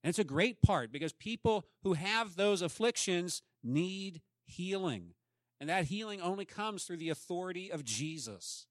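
A man's voice: high-pitched, animated, normal speed, dry recording, clean studio sound. A man preaching a sermon as pastor, emphatic and often asking the congregation questions.

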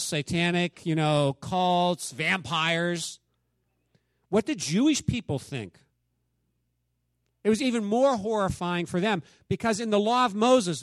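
This high-pitched American man is a church teacher running a casual Bible study, firing questions at his group and performing the quotes he reads aloud. The recording has no room sound.

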